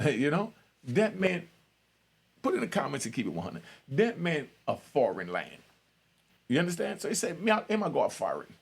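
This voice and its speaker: A man's voice: a little high, big pitch swings, moderate pace, creaky, long pauses, slightly rough. A middle-aged man, telling a personal story in a streetwise, conversational way with frequent asides to his listeners. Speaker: podcast host. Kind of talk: storytelling monologue.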